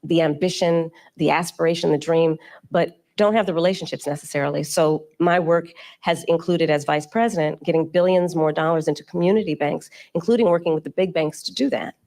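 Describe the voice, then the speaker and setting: A woman politician giving measured, speech-like answers to a journalist on stage. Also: low voice. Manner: measured, speech-like, steady delivery. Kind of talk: formal panel interview answers.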